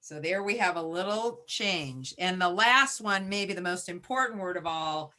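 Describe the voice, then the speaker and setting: A woman teacher presenting a webinar, modeling a phonics lesson as she sounds out syllables slowly and makes chatty asides and self-corrections. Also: lowish voice, bright, forceful tone. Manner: slow, deliberate sounding-out of syllables.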